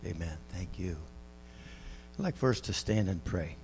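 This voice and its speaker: A pastor leading a congregation in prayer and preaching a sermon in a church, with a measured, reverent delivery. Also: male voice, low voice, animated, warm tone, a little hiss or hum. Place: church sanctuary.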